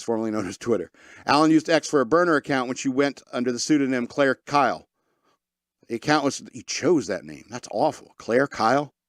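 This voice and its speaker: This podcast host has a mid-range voice and reads news stories on a casual talk radio show, tossing in sarcastic asides. The recording is clean studio sound without any echo.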